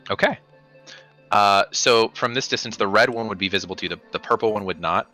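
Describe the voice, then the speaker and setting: A man's voice: on the low side, a little fast, bright, forceful tone, faint music behind, rough recording. A man narrating as dungeon master of a tabletop game, describing scenes with frequent ums and restarts. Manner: descriptive, hesitant with many ums.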